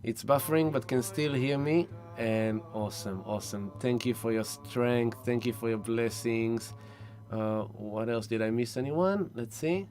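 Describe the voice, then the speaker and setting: A man hosting a spiritual live stream, greeting viewers one by one with effusive, gentle warmth. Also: medium pitch, faint music behind. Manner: warm effusive greetings, slow and soft-spoken. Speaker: spiritual livestream host.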